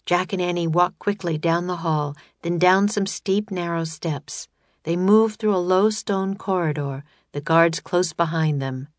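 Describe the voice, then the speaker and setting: A woman narrating a children's audiobook in a steady, measured reading voice. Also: lowish voice, no echo.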